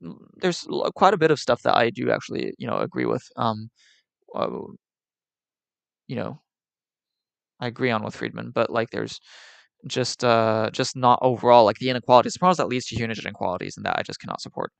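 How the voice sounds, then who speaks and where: Male streamer, gravelly and smooth, rambles with fillers. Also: mid-range voice, big pitch swings, brisk, dry recording. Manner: opinionated, rambling, many fillers. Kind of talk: casual live-stream chat.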